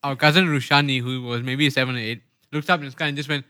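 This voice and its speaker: A man's voice: mid-range voice, fairly even intonation, quick pace, sharp tone, clean tone, no room sound, clean studio sound. A man with a Malaysian English accent, co-hosting a casual podcast chat, laughing often and joking at his own expense. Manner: giggly, self-deprecating.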